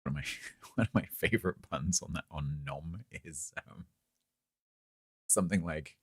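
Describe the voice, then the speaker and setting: A man casually chatting to his viewers while playing a game on a live stream, rambling in a relaxed way with chuckling asides. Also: very deep voice, unhurried, breathy edge, no room sound, clean studio sound.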